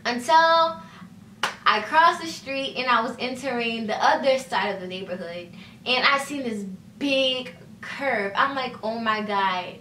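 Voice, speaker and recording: A young woman tells a casual story to her camera, chatty and loose, dropping "like" every few words and acting out the other people's lines. Her voice is bright and a touch high. She sits a little away from the mic in an echoey room. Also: measured pace, recorded from a distance, slight background noise. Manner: chatty, fillers of "like" and "you know", acts out quoted dialogue. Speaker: vlogger.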